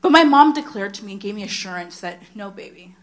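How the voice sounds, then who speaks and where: A woman in her thirties preaching a sermon, telling a personal story and acting out the dialogue. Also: fast talker. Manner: animated storyteller, acts out dialogue with big pitch jumps.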